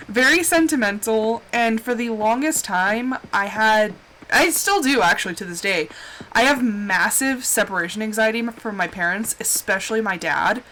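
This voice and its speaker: A woman's voice: on the high side, normal speed, a bit bright, slight background noise. A woman game streamer chatting casually and openly with her viewers, heartfelt and reassuring as she talks to them. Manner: reassuring, speaks directly to viewers. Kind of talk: casual live-stream chat.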